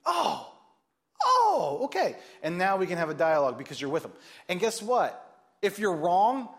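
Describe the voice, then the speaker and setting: A man preaching a sermon as pastor, animated and joking, acting out the voices he quotes. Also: high voice, fairly quick.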